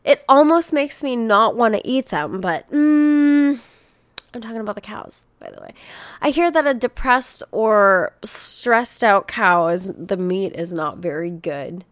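Slow-talking woman reading headlines. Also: medium pitch, animated, dry recording, clean studio sound. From Canada. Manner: casual and profane, reads headlines aloud then riffs with blunt commentary. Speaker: podcast host. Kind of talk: casual chat reading news headlines.

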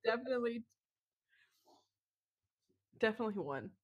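A woman's voice: a little high, lively intonation, normal speed, muffled recording. A woman co-hosting a podcast in casual chat, protesting emphatically and laughing herself to tears. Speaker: podcast co-host.

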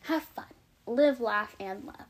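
A woman's voice: on the high side, takes it slowly. A young adult woman vlogging casual advice, chatty and frank, out of breath. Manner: chatty, frank, filler-heavy.

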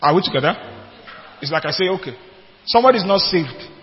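A man's voice: high-pitched, expressive, fast. A man preaching a sermon, emphatic, repeating his points and asking the congregation if they follow. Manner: emphatic, asks the congregation questions, repeats phrases. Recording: dull long hall reverb with faint music.

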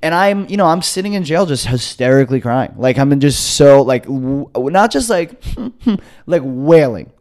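A young man in his twenties, a podcast co-host, telling a story casually, swearing and acting out quotes. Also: a little slow. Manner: animated, swearing, acts out quotes with jumps in pitch.

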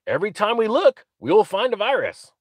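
A man's voice: high-pitched, wildly swooping pitch, brisk, dry recording. A man giving opinionated commentary, sarcastic, often acting out quotes in mocking voices.

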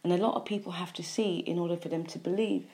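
A woman speaks earnestly about diet and disease, hammering home points with repeated lists. Her voice sits low and sounds mellow, and she lingers on key words. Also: fairly even intonation, quick pace. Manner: earnest, emphatic, repetitive lists. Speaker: health speaker. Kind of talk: impassioned health monologue.

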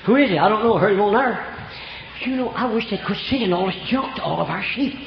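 A man's voice: sits high, lively intonation, fast talker, creaky, over music. An older man preaching a folksy storytelling sermon, from Oklahoma, with homespun rural grammar. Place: church. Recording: echoey church room, dull lo-fi sound.

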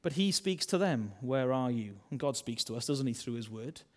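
Preacher, conversational sermon. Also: male voice, mid-range voice, animated, moderate pace. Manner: conversational, asks rhetorical questions; acts out voices of biblical characters.

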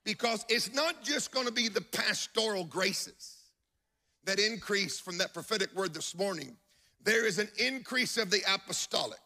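A man's voice: high-pitched, lively intonation, normal speed, pushed and bright. A man preaching a sermon to a congregation in church, emphatic and telling stories with acted-out quotes.

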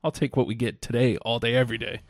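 A man co-hosting a casual podcast about wrestling, talking with enthusiasm and bursting into excited quotes. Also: mid-range voice, fast, dry recording. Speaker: podcast co-host.

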